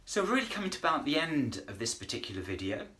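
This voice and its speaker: A man's voice: on the high side, big pitch swings, quick pace, sharp tone. A man teaching Spanish verbs in a video lesson, chatty and encouraging, with self-deprecating humour. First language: English. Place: in front of a whiteboard.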